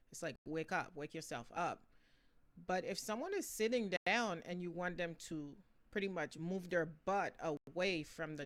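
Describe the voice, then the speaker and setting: An easygoing teacher talks through a lesson at a middling pitch, moving between two languages. The teacher keeps pausing to check in with the listener, asking "okay?" and "right?". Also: a bit bright. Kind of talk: casual spoken lesson.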